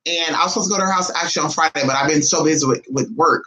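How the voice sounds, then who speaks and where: A woman spinning a casual storytime for her viewers in a lively, unfiltered way. She swears freely and jumps into high, dramatic voices whenever she quotes someone. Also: rapid-fire, poor audio. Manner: animated, blunt and profane, acts out others' lines with big pitch jumps. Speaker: spiritualist vlogger.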